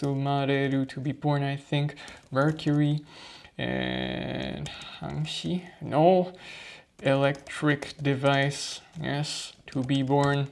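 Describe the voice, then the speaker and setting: A man's voice: on the high side, gravelly. A man reviewing vocabulary flashcards on his own, thinking aloud and muttering answers to himself. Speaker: language learner reviewing flashcards. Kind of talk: casual study session vlog.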